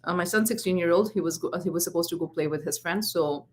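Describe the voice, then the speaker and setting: A woman's voice: fairly low pitch, quick pace. A woman in her forties, a parenting coach, giving a live talk and telling stories from home with quoted exchanges. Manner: earnest, storytelling with acted quotes.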